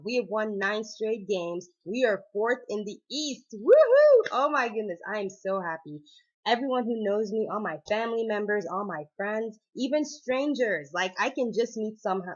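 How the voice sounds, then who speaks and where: A woman chatting excitedly in a casual vlog, gushing and laughing often as she reviews a movie. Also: medium pitch, dull audio. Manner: bubbly, gushing, laughs often, repeats "oh my goodness".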